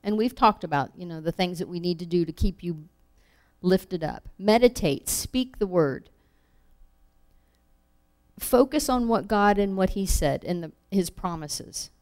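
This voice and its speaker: A woman teaching from scripture in a slow, deliberate delivery. Her voice sits on the lower side, and she brings the quoted lines to life with animated emphasis. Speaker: Bible teacher. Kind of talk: Bible teaching.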